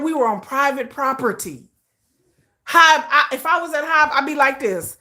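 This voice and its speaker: A woman's voice: high-pitched, expressive, a little slow, pauses often, sharp tone. A middle-aged woman from the United States hosting a livestream, ranting emphatically and profanely with lots of repetition. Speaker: livestream host. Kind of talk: casual livestream rant.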